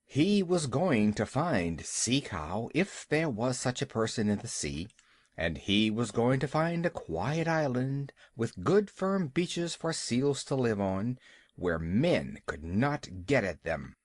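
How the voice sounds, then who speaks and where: A man's voice: medium pitch, sing-song, slow, no echo. A man narrating a classic animal story as an audiobook reader, telling it expressively. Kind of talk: scripted narration.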